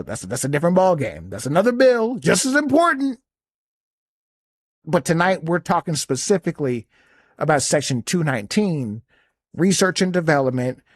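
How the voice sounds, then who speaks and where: A man's voice: a little high, no room sound. Male podcast host, soldier; indignant casual rant, cursing freely; dry close sound. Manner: blunt, profane, indignant. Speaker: podcast host reacting to a clip.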